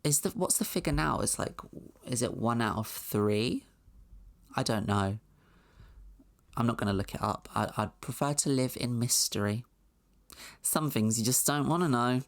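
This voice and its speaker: A woman's voice: rumbling low, lively intonation, moderate pace. A woman hosting a comedic video essay, commenting with dry, sarcastic asides. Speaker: host.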